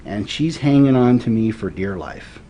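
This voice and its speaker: A man's voice: lowish voice, animated, moderate pace, lo-fi sound. A man in his forties from Florida, a guest telling stories in an earnest, thoughtful way in a casual interview.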